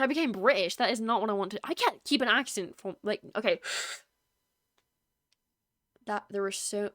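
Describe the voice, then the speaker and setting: A chatty young-sounding woman streaming a game from her bedroom. She rambles and laughs at herself as she goes, in a medium-pitched voice. Her talk is loose and casual. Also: a little fast, long pauses, fairly bright tone, no echo, studio quality. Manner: chatty, rambling, self-deprecating. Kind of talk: casual live-stream chat. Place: small bedroom. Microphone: streaming setup.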